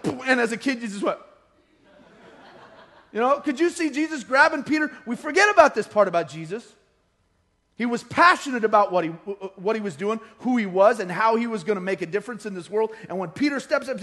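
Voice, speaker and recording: Man, pastor, sermon, high-pitched, lively storytelling, acts out quotes. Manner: animated storytelling, acting out quoted voices. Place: church hall.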